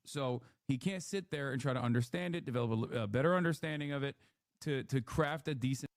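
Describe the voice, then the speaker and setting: A man's voice: mid-range voice, fast talker, dry recording, studio quality. A man streaming live, ranting in a blunt, opinionated and profane way. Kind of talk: casual live commentary rant.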